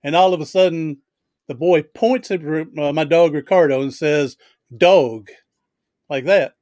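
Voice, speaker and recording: A man's voice: on the high side, moderate pace, a little mellow, no echo. A man hosting a casual video chat, telling stories in a chatty, easygoing way. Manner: storytelling, chatty, laughs easily. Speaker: host.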